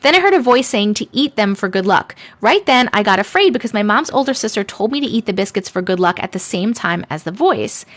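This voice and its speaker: A woman's voice: medium pitch, expressive, brisk, hardly any pauses. A woman hosting a live stream, reading viewer stories aloud in a playful, chatty way with sarcastic asides. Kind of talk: casual live stream chat and story reading. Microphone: desk microphone.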